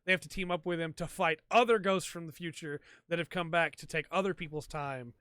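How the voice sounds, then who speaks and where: A man's voice: on the high side, fairly quick, fairly bright tone, clean tone, no echo, studio quality. A man hosting a podcast, chatting casually and rambling with lots of ums and likes. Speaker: podcast host. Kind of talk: casual solo chat. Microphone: desk mic for a stream.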